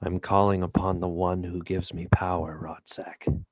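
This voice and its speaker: A man voicing a solemn, formal male sorcerer who speaks deliberately. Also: sits low, little pitch movement, highs cut off.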